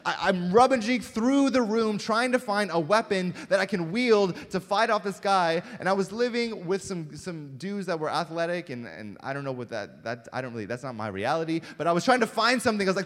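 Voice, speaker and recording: Joking young preacher in a big hall. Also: male voice, high voice. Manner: joking storyteller, swings from loud to hushed. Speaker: pastor. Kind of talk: humorous sermon. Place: large church hall. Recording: live church hall reverb.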